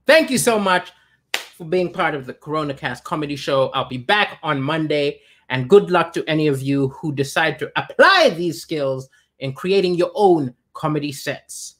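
A man's voice: on the high side, lively intonation, moderate pace, a bit bright. A man hosting an online comedy show, delivering a stand-up monologue with restarts and self-deprecating punchlines.

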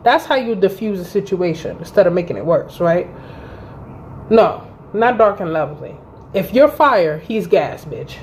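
A woman in her thirties telling a personal story to her channel in a casual, animated and profane way, acting out both sides of the conversation. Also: fairly low pitch, moderate pace, a little hiss or hum. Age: 30s. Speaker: vlogger. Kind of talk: storytime vlog.

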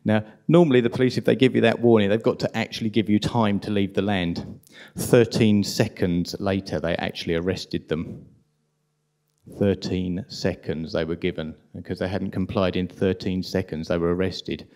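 A man with a strong London accent giving an impassioned, indignant conference talk at a rapid pace. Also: sits low, little pitch movement, a little mellow. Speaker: conference speaker.

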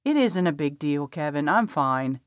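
A woman's voice: low-pitched, animated, moderate pace, dry recording. A woman voicing an anxious, insecure young heroine, raising her voice in a pleading, emotional way. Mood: guarded. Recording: dry, slightly dull audio.

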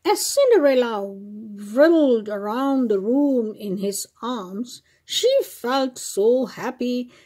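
A woman reading a fairy tale aloud to children on her own channel. She speaks slowly and expressively, and her fairly high voice swings up and down in a sing-song way. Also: expressive, a little mellow, breathy edge.

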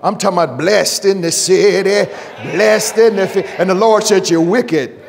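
A man preaching a fiery church sermon, shouting in drawn-out phrases and calling on the congregation for praise. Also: sits high, fairly even intonation, creaky. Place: church sanctuary. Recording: reverberant hall, faint congregation.

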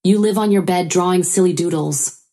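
A woman's voice: fairly low pitch, moderate pace, mellow, lightly acted. A woman voicing a harsh, scornful older mother-in-law who barks demands. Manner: demanding, contemptuous.

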